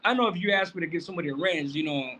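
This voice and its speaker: A man's voice: a little high, racing, bright, forceful tone. A middle-aged man hosting a livestream, talking casually in loose streetwise slang with plenty of swearing. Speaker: livestream host. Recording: dull lo-fi stream audio.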